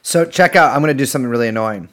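A podcast co-host chats casually at a very fast clip, his medium-pitched voice fairly bright. He rambles and jokes, restarting sentences often and swearing freely.

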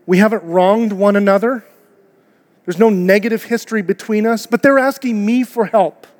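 A man's voice: sits high, steady tone, moderate pace, a little mellow. A man preaching a sermon to his church in an earnest, conversational way, asking his listeners rhetorical questions. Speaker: pastor. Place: church auditorium. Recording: long hall reverb.

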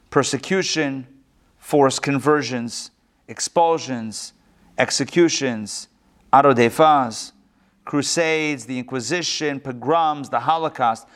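Man, rabbi, live class lecture, lively storyteller, higher pitch. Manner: animated storyteller, acts out joke characters with big pitch swings. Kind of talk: live lecture with joke-telling. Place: synagogue classroom, recorded live before an audience.

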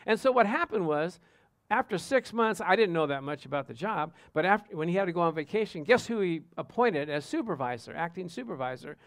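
A man's voice: high voice, a little fast, dry recording. A man preaching as a pastor, telling personal stories and calling out to the congregation for an amen. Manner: animated storytelling, asks congregation "Amen?".

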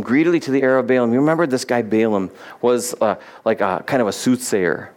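A man's voice: mid-range voice, fast, few pauses, a little mellow. A male pastor giving a sermon, retelling Bible stories in a casual, conversational way and acting out the characters.

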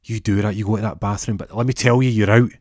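A man's voice: on the low side, steady tone, quick pace, dry recording, studio quality, close to an everyday voice. A man doing a pushy blustering manager. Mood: angry. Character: blustering male restaurant manager, bossy.

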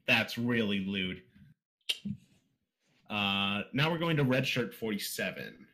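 Low-voiced casual podcast host, man. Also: slow pace, slight background noise. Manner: relaxed, reads out listener questions and teases. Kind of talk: casual interview.

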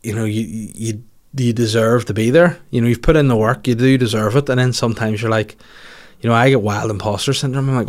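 A man's voice: mid-range voice, fairly quick. A man in his forties with a Northern Irish accent, hosting a solo podcast in rambling, sweary, self-mocking casual chat. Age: 40s. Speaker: podcast host.

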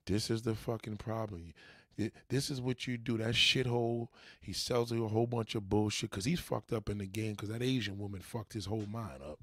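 A man's voice: fairly low pitch, a little fast, dry recording, studio quality. A man reacting to an interview, mocking and heckling it in a profane rant. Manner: mocking, heckling, swears heavily. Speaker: reaction commentator.

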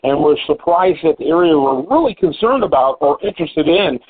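Husky-voiced man hosting over a phone-like line. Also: a little high, animated, brisk. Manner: conversational, thinks aloud with fillers and repeats. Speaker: podcast host. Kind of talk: casual business interview. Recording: phone-like call audio.

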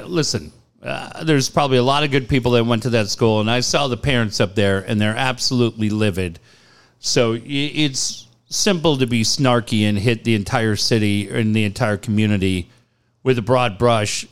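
A male radio host in his forties with a smooth, clear voice. He talks bluntly and with animation, swinging through stories and laughing along the way. His everyday register is mid-pitched. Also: a bit bright. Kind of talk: casual sports talk and live ad reads.

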